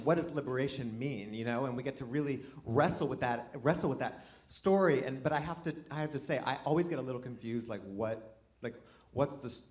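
A man doing a stand-up comedy set, rambling and self-deprecating with many restarts. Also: fairly high pitch. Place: live comedy venue with audience laughter. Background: audience laughter.

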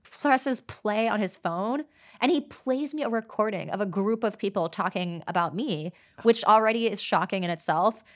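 A young woman co-hosting a casual talk show, telling a personal story with animated bursts. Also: medium pitch, moderate pace. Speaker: podcast co-host. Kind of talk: casual chat.

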